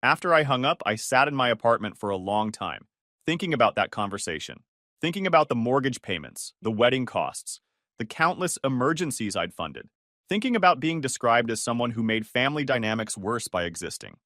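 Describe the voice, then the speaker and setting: Male first-person narrator, measured and wry, expressive pitch, dry booth sound. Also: no echo.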